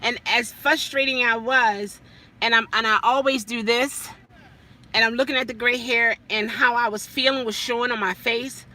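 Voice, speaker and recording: A woman's voice: on the high side, fairly even intonation, moderate pace, sharp tone. Chatty woman vlogging from her car. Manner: chatty, laughs often, talks to viewers. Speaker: vlogger and rideshare driver. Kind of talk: casual live-stream chat. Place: in a parked car.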